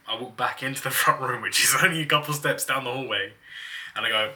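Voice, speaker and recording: Chatty man, bright tone. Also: mid-range voice, fast talker, distant mic. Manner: chatty, laughs often while telling stories. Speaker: vlogger. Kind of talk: casual personal storytelling.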